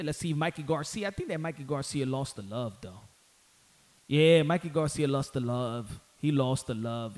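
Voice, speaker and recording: A man giving casual solo boxing commentary in an emphatic, slangy way, repeating phrases for stress and rising to heated outbursts. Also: on the high side.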